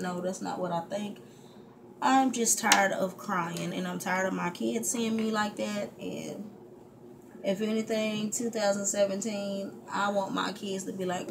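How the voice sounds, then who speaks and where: At home, a woman vlogger vents candidly to her viewers, frustrated and heated, speaking in fits and restarts. Her mid-range voice is gravelly and measured in pace, over a steady background hiss.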